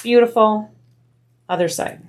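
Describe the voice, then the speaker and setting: A woman's voice: medium pitch, unhurried. A woman hosting a bag-making tutorial, chatting casually as she explains each step while she works.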